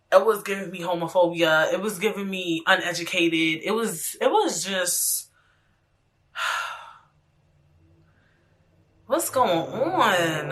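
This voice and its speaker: A woman hosting her own podcast, talking alone in a casual, animated, profane way with lots of slangy asides. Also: mid-range voice. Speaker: podcast host. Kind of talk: casual solo podcast monologue.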